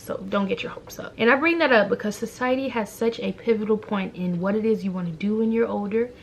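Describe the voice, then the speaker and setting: Brief: young female vlogger, casual and opinionated, with a gravelly fry and faint background noise. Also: medium pitch. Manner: animated, opinionated storytelling. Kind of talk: casual talking-head vlog.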